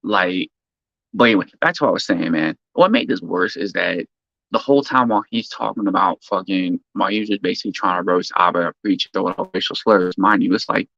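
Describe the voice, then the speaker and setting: Streamer guy, low and gravelly, profane rambling rant, dry dull mic. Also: fairly quick, dry recording. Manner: profane, rambling, animated rant with frequent restarts. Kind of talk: casual rant to chat.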